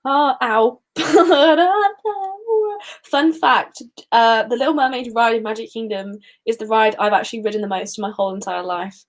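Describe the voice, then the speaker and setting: Young woman, quiz host, casual livestream chat, giggly, self-deprecating asides, slightly high voice. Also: steady tone, a little fast, hardly any pauses.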